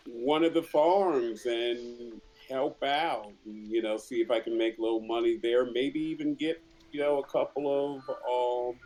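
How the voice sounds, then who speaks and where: Slow, hesitant male player. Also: medium pitch, darkish tone. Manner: hesitant, many ums. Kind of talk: casual chat in a tabletop game.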